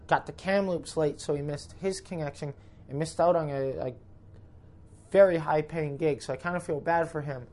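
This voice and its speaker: A man with a Canadian accent, a comedian telling a rambling, profane road-trip story in casual podcast talk. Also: fairly high pitch. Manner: rambling, profane, self-interrupting.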